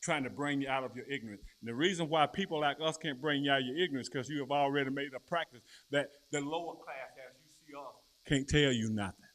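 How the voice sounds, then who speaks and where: A middle-aged man preaching a sermon in plain, colloquial speech, rising to loud declarations and dropping into low storytelling. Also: quick pace, few pauses.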